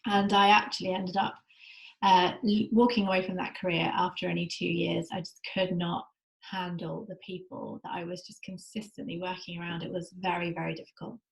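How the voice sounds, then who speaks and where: A woman's voice: fairly low pitch, flat delivery, fairly quick, gravelly, roomy sound, poor audio. A woman from England hosting a faith podcast, talking in a chatty, enthusiastic and reflective way. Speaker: podcast host. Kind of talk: personal faith podcast monologue. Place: at home in Israel.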